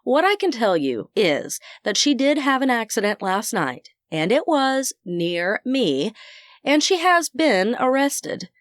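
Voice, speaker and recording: A woman's voice: a little high, big pitch swings, slow, dry recording, clean studio sound. A woman narrating a first-person audiobook, full of folksy phrases. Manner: folksy Southern idioms.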